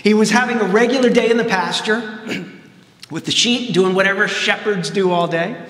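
A man, a seminarian, preaching a sermon in a relaxed, conversational way with casual asides. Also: sits high, moderate pace. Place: church sanctuary. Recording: roomy church echo with long reverb.

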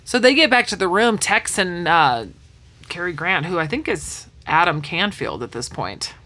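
A woman co-hosting a podcast in casual movie chat, retelling scenes in an animated way with sound effects. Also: lowish voice, moderate pace. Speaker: podcast co-host.

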